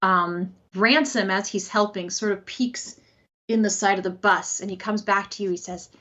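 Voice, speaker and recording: Husky-voiced woman game master. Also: medium pitch, moderate pace. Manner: lively, animated narration. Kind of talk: narrating a tabletop game. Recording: slightly dull lo-fi sound.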